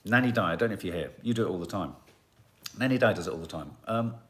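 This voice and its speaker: A middle-aged man talks casually on a live stream, mulling over viewers' comments. His voice sits low but swings widely in pitch, chatty and reflective. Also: animated, fast talker, fairly bright tone. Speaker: host reading live chat comments.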